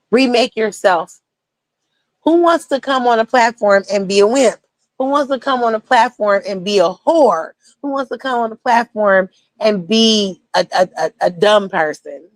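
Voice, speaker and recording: A woman's voice: a little high, no echo. A young woman talking casually on a livestream, blunt and profane, rambling between topics as a streamer.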